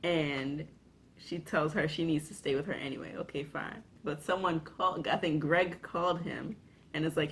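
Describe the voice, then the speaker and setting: Female podcast regular, slightly low register, expressive and profane storyteller. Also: normal speed, a little hiss or hum. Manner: animated storytelling, swears a lot, laughs mid-sentence. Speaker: podcast co-host. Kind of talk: casual chat.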